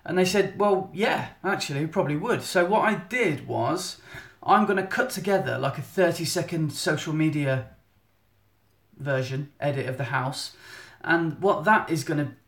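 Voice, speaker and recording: This English photographer's voice is a little high and fairly bright, moving at a moderate pace as he gives his monthly live update. Indoors at home, phone held at arm's length in an echoey room, he chats casually, rambles and interrupts himself.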